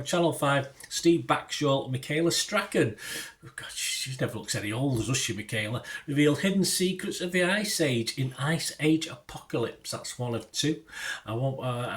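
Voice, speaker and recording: A middle-aged British man rambling casually through the week's TV listings, with digressions and chatty asides. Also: mid-range voice. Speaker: TV listings reviewer. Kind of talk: casual TV guide chat.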